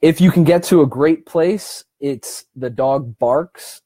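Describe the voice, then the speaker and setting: A man giving a casual self-help seminar on breathing, talking in a conversational, encouraging way, often restarting sentences and slowing down on key points. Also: fairly high pitch, dark tone, dry recording. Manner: conversational and encouraging, with frequent restarts and slow, deliberate stretches.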